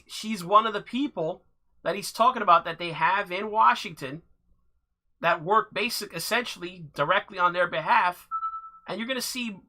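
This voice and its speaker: A man giving casual commentary over clips, halting and restarting with dry laughs. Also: high-pitched, bright, forceful tone.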